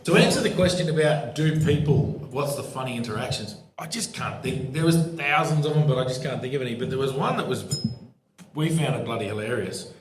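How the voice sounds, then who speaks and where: A man's voice: medium pitch, fairly quick, a little hiss or hum. A man, a former police supervisor, telling laughing anecdotes as co-host of a live podcast show. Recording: echoey live pub room.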